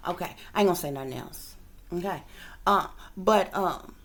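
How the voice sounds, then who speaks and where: A woman, a psychic reader, telling a long story to her viewers in a rambling, emphatic way, swearing freely and sometimes dropping to a hushed whisper. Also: lowish voice, normal speed. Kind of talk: casual storytelling monologue to viewers.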